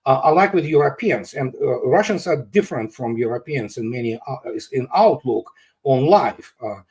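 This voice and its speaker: A man's voice: mid-range voice, lively intonation, normal speed, a little mellow. Emphatic, scornful man, interview guest. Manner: emphatic, scornful, many "you know" fillers. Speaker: guest analyst. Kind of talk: heated political commentary.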